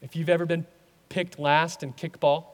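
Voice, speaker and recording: A man preaching a sermon as a pastor, animated, acting out voices in his stories. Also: fairly high pitch, moderate pace, long reverb tail.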